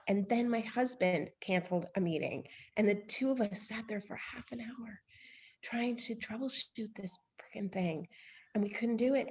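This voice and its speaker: Woman, 30s, podcast co-host; candid, self-deprecating storyteller over a slightly dull online call. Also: medium pitch. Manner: candid, self-deprecating storyteller who laughs and sighs often. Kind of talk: casual chat.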